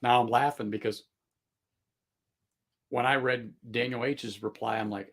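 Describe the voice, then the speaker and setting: A man's voice: medium pitch, steady tone, measured pace, pauses often, fairly bright tone. A man hosting a casual livestream chat, rambling with many fillers and restarts and laughing often. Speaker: livestream host.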